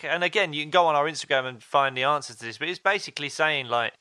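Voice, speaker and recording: A man's voice: on the high side, lively intonation, fast, hardly any pauses, bright, forceful tone, clear, resonant tone, no room sound. A man co-hosting a podcast, telling stories in a chatty, casual way with fillers and quoted asides. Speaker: podcast co-host. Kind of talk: casual chat.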